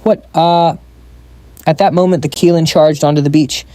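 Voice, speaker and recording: A man giving brisk scripted narration of a comic recap. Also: a little high, fairly even intonation, mellow, no echo.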